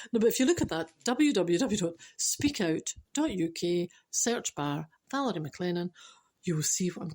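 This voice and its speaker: A woman's voice: mid-range voice, darkish tone. A woman with a Scottish accent, a storyteller and speaker telling jokes in a chatty way, with dry wit, restarting and laughing at herself. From Scotland. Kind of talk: casual joke telling.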